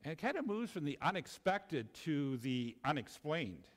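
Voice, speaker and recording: A man preaching in a church sanctuary, his voice sitting a little higher than most men's. He shifts between lifted retelling and sudden low, quiet emphasis, stumbling and repeating words as he talks. A long reverb hangs behind every phrase. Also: very animated, normal speed. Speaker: pastor. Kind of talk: sermon.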